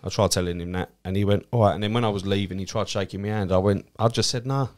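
Here the Essex storyteller speaks fast in a slightly low voice, a cab driver and comedian guest chatting casually. He swears freely and acts out the people in his anecdotes with plenty of energy.

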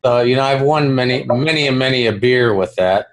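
A man's voice: medium pitch, fairly quick. A man co-hosting a podcast in easygoing casual chat, laughing along. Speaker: podcast co-host.

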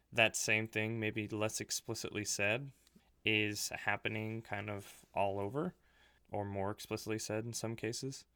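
A man talking in a casual chat, relaxed and full of fillers, animated when he quotes other people. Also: fairly low pitch, smooth, dry recording.

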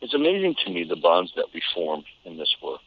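An American voice actor with a low voice talks a little fast over a tinny, phone-like line. Appearing as a guest in a casual interview, he tells stories animatedly, laughing often and frequently restarting his sentences.

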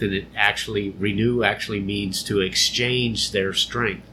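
A man giving an unhurried, conversational Bible teaching, explaining and repeating phrases for emphasis. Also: on the low side, steady tone, bright, forceful tone, slight background noise, low-quality recording.

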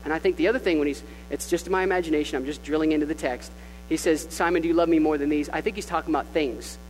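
A male pastor preaching a sermon in an animated, conversational way with jokey asides. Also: high voice, long reverb tail, low-quality recording.

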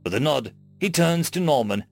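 A man reading a humorous science fiction story aloud in a wry, expressive storytelling manner. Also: a little high, normal speed, creaky, dry recording, soft background music. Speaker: story narrator. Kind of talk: scripted narration.

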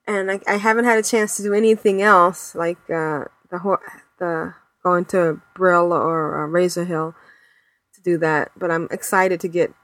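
A woman's voice: fairly low pitch, steady tone, moderate pace, a bit bright, no echo. A woman co-hosting a podcast, chatting casually and rambling with fillers and laughs. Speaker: podcast co-host. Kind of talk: casual chat.

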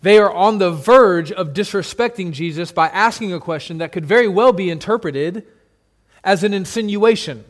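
A male pastor preaching a sermon to his church, shifting dramatically between loud emphasis and hushed, soft passages. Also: high-pitched, normal speed, in a large hall. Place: church sanctuary with congregation.

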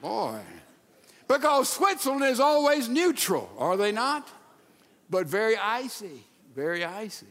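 In a large church sanctuary whose long reverb carries his voice, a high-voiced pastor preaches in an unhurried, animated style. He acts out the quotes and sometimes lowers to a hushed tone.

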